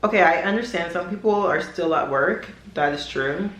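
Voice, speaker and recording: A woman's voice: on the low side, normal speed, a bit bright. A young woman vlogging at home, chatting in a rambling way with many fillers while she eats. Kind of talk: casual chat while eating. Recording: echoey room.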